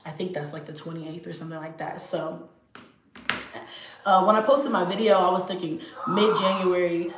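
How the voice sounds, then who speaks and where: A young adult woman chatting casually to her viewers, lively, swearing freely and acting out her kids' voices. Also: on the low side, moderate pace, noisy background. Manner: animated, acts out voices of her kids. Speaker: video host. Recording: echoey room.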